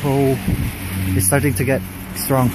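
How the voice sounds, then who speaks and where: A man from the Philippines vlogging outdoors at night in the snow, shivering from the cold, excitable and swearing a lot as he rambles. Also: medium pitch, measured pace. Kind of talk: casual vlog. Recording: loud outdoor street noise. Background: loud traffic and street noise.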